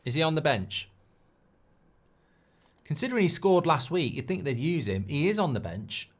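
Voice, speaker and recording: A man hosting a live football watchalong, chatty and excitable, swearing often. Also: fairly high pitch, normal speed. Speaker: host.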